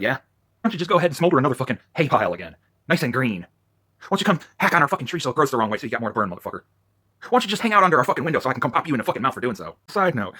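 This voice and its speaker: A worked-up man ranting in a profane vlog, swinging between loud outbursts and low muttering. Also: husky. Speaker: vlogger.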